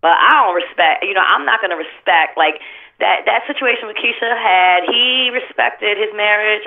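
Woman on the phone, sounds tinny, blunt and cussing a lot, animated story. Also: on the low side. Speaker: interview guest. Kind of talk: candid interview talk.

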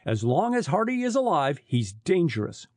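A man voicing a dogged, ruthless smuggler in an audiobook, raising his pitch and sounding smug. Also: sing-song, moderate pace, no room sound, clean studio sound.

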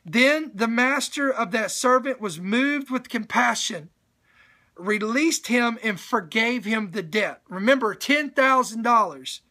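A man's voice: very high voice, lively intonation, a little slow, sharp tone. A man preaching a sermon on a live stream, reading a scripture passage aloud and breaking off often to urge his listeners to stay and pay attention.

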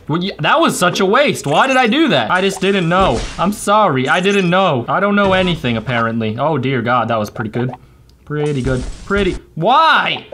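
Excitable young man narrating a mobile race game. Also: on the high side, a little hiss or hum. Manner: excitable, self-mocking, swings between shouting and muttering. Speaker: gaming channel host. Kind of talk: let's play commentary.

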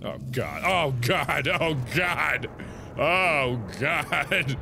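A man's voice: a little high, animated, drawn-out words, vocal fry, background noise. A man commentating his own gameplay, nervous and easily startled, with panicky exclamations and nervous laughs. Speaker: let's play host. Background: game music.

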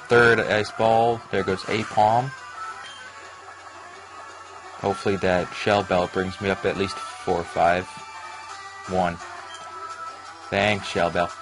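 A man hosting a let's play, giving rambling gameplay commentary with excitable reactions. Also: deep voice, takes it slowly, long pauses, low-quality recording. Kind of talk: gaming commentary. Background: game music.

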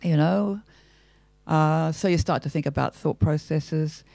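Older woman, Australian accent, gravelly texture, dry close sound, thoughtful theatrical interview talk. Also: low voice, unhurried, dark tone, no echo. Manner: thoughtful, theatrical, self-questioning. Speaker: actress, interview guest.

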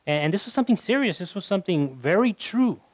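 Male pastor, fairly high voice, chatty Bible teaching, stumbles and repeats words, dry close sound. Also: very animated, fast, dry recording, low-quality recording. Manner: conversational, repeats words while thinking.

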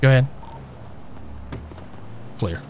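A man streaming an online role-play game as a police officer, excitable and loud, swinging between shouting and mumbling. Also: slow, a little hiss or hum.

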